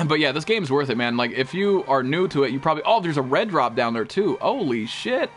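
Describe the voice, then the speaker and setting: A young man streaming a survival game, talking casually in heavy slang and swearing, sometimes breaking into panicked yelling. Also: fairly high pitch, expressive, fairly quick. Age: teens. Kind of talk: casual gameplay commentary. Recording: game music behind the voice.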